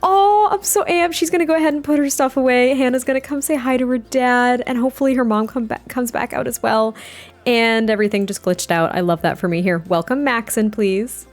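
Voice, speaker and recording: A young adult woman giving excitable, chatty commentary on a life-sim game, often gasping and laughing. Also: fairly high pitch, a little fast. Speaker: let's play gamer. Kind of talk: gameplay commentary.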